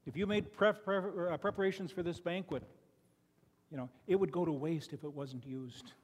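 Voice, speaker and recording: An older Chicago man, a lay preacher, speaks in a fairly high, husky voice at normal speed, and the church sanctuary gives it a big-room sound. His sermon is folksy and conversational, packed with personal stories, and he keeps restarting sentences and saying "you know."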